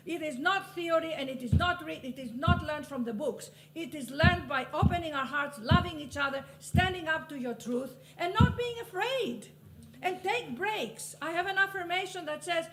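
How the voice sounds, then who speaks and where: A high-voiced, bright middle-aged woman from Greece speaks to a panel audience with preachy fervor and laughs at her own asides. Faint room noise sits under her voice. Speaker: panelist and author. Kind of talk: motivational panel talk.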